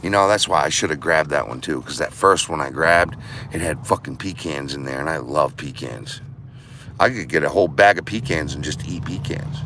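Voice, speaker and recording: A man's voice: extremely low pitch, moderate pace. A man vlogs in a loose, rambling way, swearing and joking as he goes. He is in a vehicle, with a faint hum of noise underneath. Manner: rambling, profane, jokey. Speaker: vlogger. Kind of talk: casual vlog chat.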